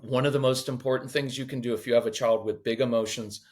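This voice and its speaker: A man on a parenting podcast, talking in a lively, conversational teaching way, acting out quoted voices and joking now and then. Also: mid-range voice, fast talker. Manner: animated, acts out quoted voices, jokes.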